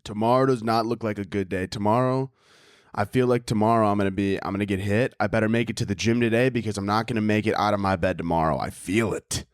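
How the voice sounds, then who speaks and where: A man's voice: on the low side, steady tone, fast talker, clean tone, dry recording, studio quality. A young man hosting his own comedy podcast, rambling alone through crude, self-mocking banter. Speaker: podcast host. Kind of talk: solo comedic podcast rant.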